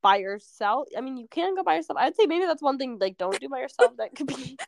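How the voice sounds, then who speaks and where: A woman's voice: high-pitched, expressive, fast, creaky. A young woman co-hosting a podcast in casual chat, rambling and sarcastic, laughing often. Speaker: podcast co-host.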